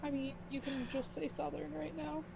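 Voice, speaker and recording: A woman's voice: high-pitched, little pitch movement, normal speed, creaky, warm tone, a little hiss or hum. A woman player chatting casually and joking during a tabletop stream.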